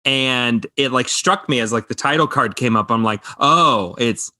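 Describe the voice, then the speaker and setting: A man in his thirties co-hosting a podcast in casual chat, animated and quick with asides. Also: mid-range voice. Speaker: podcast co-host.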